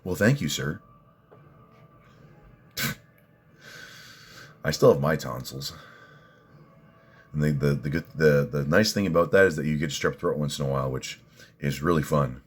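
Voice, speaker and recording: A man ranting on a livestream while reading viewer comments, cursing, bursting into loud outrage and then muttering. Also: very deep voice, moderate pace, long pauses, breathy edge. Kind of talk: profane ranting livestream chat.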